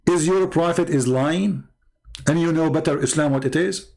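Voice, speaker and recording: This combative man hosts debates on a livestream, his fairly high voice creaky and dark in tone. His commentary is argumentative and mocking, packed with rapid-fire rhetorical questions.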